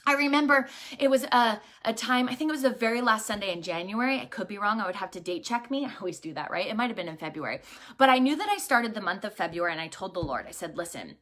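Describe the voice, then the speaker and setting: A woman in her thirties speaks straight to the camera in an earnest, impassioned faith talk. Her voice sits high and sounds bright and forceful. She stays emphatic and direct, as if preaching to friends. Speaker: faith encourager and business owner.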